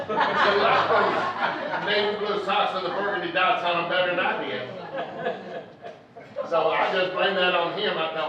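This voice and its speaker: A man's voice: high voice, measured pace, over a noisy crowd. A man preacher giving a folksy, joking sermon in a conversational storytelling manner. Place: church hall. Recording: echoey, distant, dull church recording.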